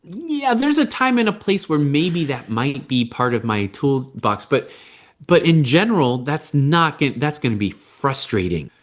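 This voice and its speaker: A man's voice: on the high side, big pitch swings, a little slow. A man, a parenting coach, talking in a podcast interview and explaining his points by acting out quotes. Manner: conversational, explains with acted-out quotes.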